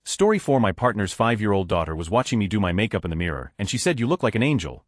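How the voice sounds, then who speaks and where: A man reading short online stories aloud as scripted narration, with a flat delivery that lifts at each story heading. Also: fairly low pitch, quick pace, no room sound, studio quality.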